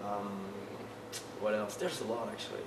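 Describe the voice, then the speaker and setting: A young man with a French accent, a band vocalist chatting in a casual interview, halting and full of fillers and restarts. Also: fairly low pitch, distant mic, noisy background. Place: concert venue backstage. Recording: echoey, off-mic, loud music behind.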